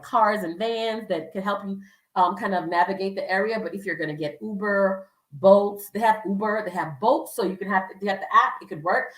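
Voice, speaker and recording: A woman's voice: mid-range voice, recorded from a distance. Chatty woman vlogger in a roomy space. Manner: chatty, acts out quoted voices, frequent fillers. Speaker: travel vlogger. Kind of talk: casual advice vlog.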